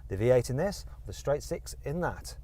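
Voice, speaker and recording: A middle-aged man from the West Midlands presenting a car video in a chatty, animated way. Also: mid-range voice, normal speed. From West Midlands, England. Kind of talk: casual presenting to camera.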